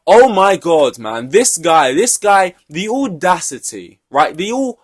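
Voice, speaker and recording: Profane ranting podcast host. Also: male voice, high-pitched, big pitch swings, unhurried. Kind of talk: solo podcast rant.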